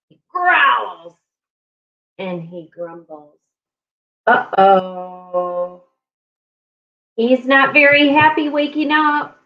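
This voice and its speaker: A woman librarian reading a picture book aloud to young children in an animated, playful way. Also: a little high, very slow, long pauses, muffled recording.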